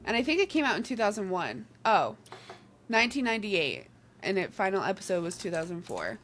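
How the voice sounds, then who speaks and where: A woman's voice: medium pitch, sing-song, brisk, a bit bright, slight background noise. Giggly young woman with a New Jersey accent. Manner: chatty, giggly, acts out quoted dialogue. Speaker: podcast co-host. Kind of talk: casual chat.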